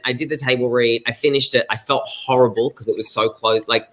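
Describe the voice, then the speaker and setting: Male actor, forward bright tone, loose self-deprecating chat. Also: medium pitch, little pitch movement, normal speed, few pauses. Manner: rambling, self-deprecating, laughs often. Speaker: actor guest. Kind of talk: casual chat on a video call.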